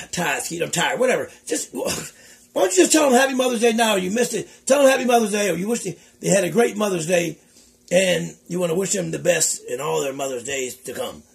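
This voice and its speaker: A man's voice: sits high, lively intonation, a little fast, vocal fry. A man hosting a casual comic vlog, talking in a weary drawl and saying how tired he is. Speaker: vlog host.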